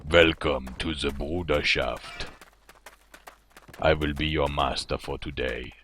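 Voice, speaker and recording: A man voicing a formal German guild master with a put-on German accent and a deep, slow delivery. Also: steady tone, a bit bright, a little hiss or hum, heavily acted. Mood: grand.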